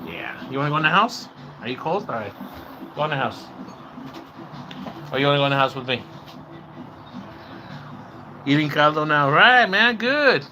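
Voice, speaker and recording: A man hosting a loose, rambling livestream and chatting straight to his viewers. His voice is bright and forceful, and he mixes Spanish words into his talk. Now and then he breaks into excited whoops. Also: a little high, normal speed, pauses often, slight background noise. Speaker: livestream host. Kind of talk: casual livestream chat with viewers.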